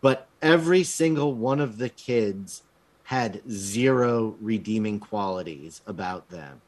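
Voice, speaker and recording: A man's voice: on the low side, expressive, measured pace. A man in casual podcast chat, reviewing a film bluntly with frequent ums and swearing. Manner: hesitant, lots of ums, blunt and profane.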